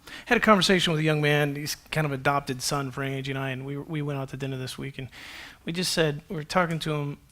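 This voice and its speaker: A man preaching a sermon to a congregation as their pastor, conversational and animated, with self-deprecating humor. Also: fairly high pitch, fast.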